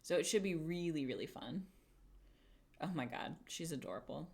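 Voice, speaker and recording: A woman's low, darkish voice with vocal fry and lively intonation moves at normal speed. She's a streamer building a craft piece on a casual livestream, nervous and swearing often as she talks to herself and the objects.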